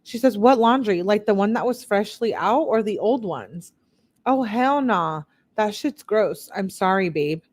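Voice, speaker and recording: This woman speaks at a moderate pace with few pauses, her mid-range voice slightly mellow. As a true-crime commentator, she reads out text messages, lifting her voice a bit on the quotes and cutting in with frank, blunt remarks.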